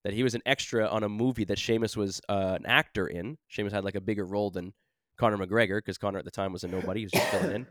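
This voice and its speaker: A man's voice: fairly low pitch, fairly even intonation, fast, a bit bright, no echo, studio quality. A man from Canada, co-hosting a podcast in rambling, joking casual chat. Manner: rambling, joking, laughs often. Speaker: podcast co-host.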